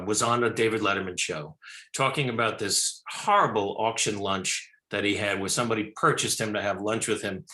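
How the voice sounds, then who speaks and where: An older man, a film director, telling stories in a talk show interview, animated and rambling with many restarts. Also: fairly low pitch, roomy sound. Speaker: film director and actor, guest.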